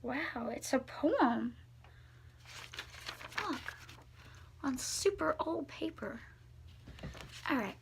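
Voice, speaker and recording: A young adult woman vlogging in a soft-spoken, awed way, often hushed, chatting and reading aloud. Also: sits high, expressive, very slow, creaky, pauses often. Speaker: vlogger showing thrift finds. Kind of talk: casual vlog chat and reading aloud.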